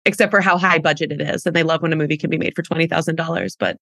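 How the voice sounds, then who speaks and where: Woman guest, enthusiastic and rambling, lowish voice, dry close recording. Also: steady tone, very fast, vocal fry, a bit bright, dry recording. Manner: enthusiastic, rambling, self-interrupting. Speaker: guest, actress. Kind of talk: casual chat.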